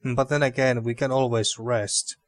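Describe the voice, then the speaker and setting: A man's voice: mid-range voice, steady tone, moderate pace, no echo. A man giving casual gameplay commentary, thinking aloud in a hesitant way with fillers. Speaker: let's play host.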